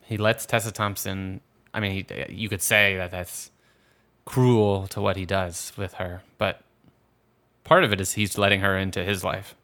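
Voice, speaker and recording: A man co-hosting a casual movie podcast, animated and acting out quotes as he talks. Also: low voice, moderate pace. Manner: animated, acts out quoted voices. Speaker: podcast co-host.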